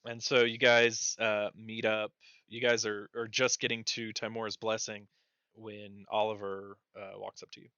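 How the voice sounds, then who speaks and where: A man narrating as game master in a tabletop role-playing game, with a relaxed, rambling delivery. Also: fairly low pitch, moderate pace, smooth, no echo, highs cut off.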